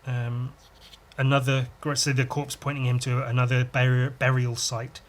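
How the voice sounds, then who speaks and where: A man's voice: medium pitch, completely flat delivery, normal speed. A man hosting a podcast, chatting casually and enthusiastically while reading a comic and adding his own sound effects. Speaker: podcast host.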